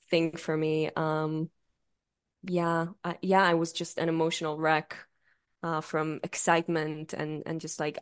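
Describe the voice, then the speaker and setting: A young woman co-hosting a podcast, telling stories in casual chat, swearing freely and laughing often. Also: sits low. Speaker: podcast co-host.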